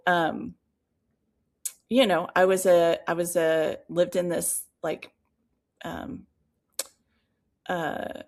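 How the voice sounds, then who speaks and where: A woman co-hosting a podcast, telling a personal story in casual chat, animated and full of fillers and asides. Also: on the low side. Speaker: podcast co-host.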